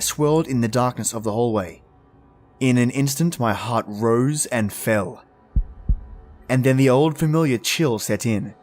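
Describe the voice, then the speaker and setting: Male storyteller, somber, emotional, dramatic first-person horror reading. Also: mid-range voice. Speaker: narrator.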